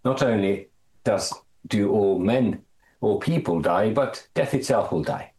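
A man leading a Bible study, explaining a passage in a halting way, often repeating words and lifting his voice on quotations. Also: animated, darkish tone. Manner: halting, repeats words, stresses phrases with rising pitch. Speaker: Bible teacher.

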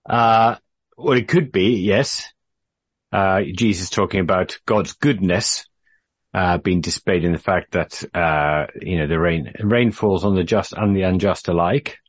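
A man leading a group Bible study, patient and measured, with frequent fillers and restarts. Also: low-pitched, dry recording.

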